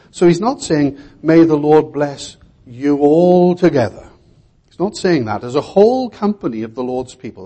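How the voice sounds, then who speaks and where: Earnest older preacher, mellow husky voice. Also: male voice, medium pitch. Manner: earnest, emphatic, repeats key words. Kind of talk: sermon.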